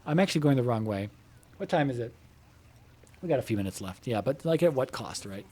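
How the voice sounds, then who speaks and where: A man's voice: mid-range voice, animated, brisk, warm tone, husky. A man casually chatting to viewers from his home computer room while he plays a game, meandering with lots of fillers, casual swearing and asides about the game. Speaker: gamer talking to viewers while playing. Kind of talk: casual rambling chat while gaming.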